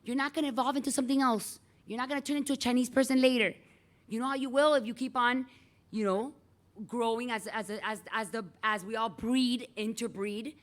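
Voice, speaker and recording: A middle-aged woman teacher giving a chatty, animated lecture in a classroom and calling on students by name. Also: on the high side, fairly quick.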